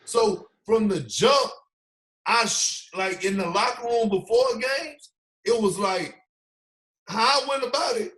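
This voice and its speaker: A man telling stories in a casual, slangy way, acting out what others said. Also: high-pitched. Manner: animated storyteller, slangy, acts out quotes. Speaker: podcast guest, former basketball player. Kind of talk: casual storytelling.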